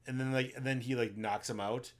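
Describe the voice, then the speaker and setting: Steady in tone and fairly quick, a man of medium pitch co-hosts a laid-back podcast about movies. His plot retellings run long and wander, heavy with ums and likes.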